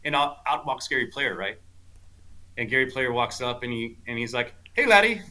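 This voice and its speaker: A man from South Texas chats as a guest on a golf podcast. His voice is very bright and sits at a middling pitch. He rambles through anecdotes, using plenty of fillers and animated quotes. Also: moderate pace. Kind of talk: casual storytelling chat.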